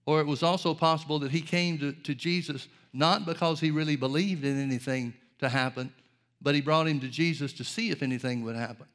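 A man's voice: on the high side, brisk, fairly bright tone. A man preaching a sermon, earnest and direct, asking rhetorical questions and addressing his listeners as folks.

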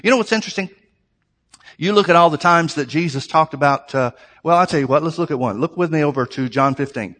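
A pastor preaching in a church sanctuary, his voice sitting a little high for a man. He talks in an earnest, conversational way and builds emphasis through repetition. A long reverb trails each phrase through the large hall. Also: fast, a bit bright. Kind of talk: sermon.

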